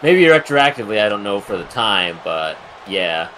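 A man giving measured, wry remarks in a casual gaming chat with friends. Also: fairly low pitch, sing-song, sharp tone, slight background noise, low-quality recording.

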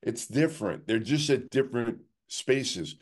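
A man's voice: medium pitch, expressive, unhurried. A man co-hosting a sports podcast, talking casually in a rambling way full of "like" and restarts. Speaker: podcast co-host.

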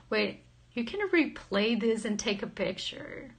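A woman's voice: fairly high pitch, vocal fry, breathy edge. A woman casually chatting on a livestream, playful and giggly, joking with viewers and reading their comments aloud. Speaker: livestream host.

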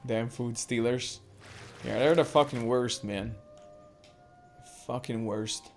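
A woman's voice: very deep voice, steady tone, takes it slowly, darkish tone, faint music behind. Foul-mouthed woman ranting over gameplay. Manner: swears constantly, rants at the game. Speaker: gameplay streamer. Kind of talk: let's play commentary.

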